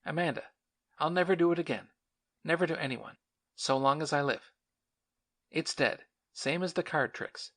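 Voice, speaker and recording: Guy doing an old colonel begging his sweetheart, breathless, a bit high, storybook. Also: moderate pace, pauses often, fairly bright tone. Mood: pleading. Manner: pleading, breathless. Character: lovesick older male colonel, earnest and pleading.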